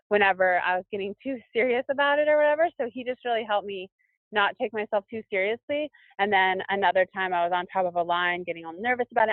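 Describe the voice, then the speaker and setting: A woman guest talking about her career in a loose, unhurried way, stopping often with ums to find the right words. Her voice comes through a thin, phone-like line with a dry, close sound. She speaks at a middling pitch. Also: dry recording. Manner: thoughtful, searching for words with many fillers. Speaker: professional skier guest. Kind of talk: casual interview conversation.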